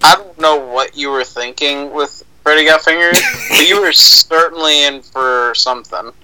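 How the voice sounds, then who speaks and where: A man's voice: a little high, moderate pace, background noise. A young man co-hosting a casual podcast chat, speaking in a mock-solemn, insistent way and repeating names for emphasis. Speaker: podcast co-host.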